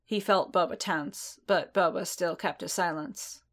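Woman reading fanfic aloud, takes her time, kinda low voice. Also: measured pace, fairly bright tone. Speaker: narrator. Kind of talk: fan fiction audiobook narration.

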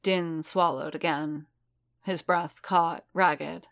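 A woman narrating fiction in a measured, steady reading. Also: low-pitched.

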